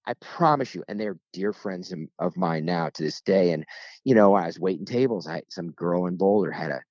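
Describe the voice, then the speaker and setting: A man, a guest turkey hunter, telling stories in a casual interview with lively, joking delivery. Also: sits low, normal speed, no echo, muffled recording. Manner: lively, joking, acts out voices in anecdotes.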